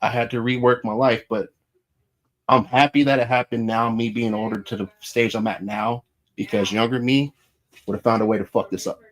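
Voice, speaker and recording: Man, 30s, podcast host, candid, profane, reflective, medium pitch. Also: steady tone, moderate pace. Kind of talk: casual podcast chat.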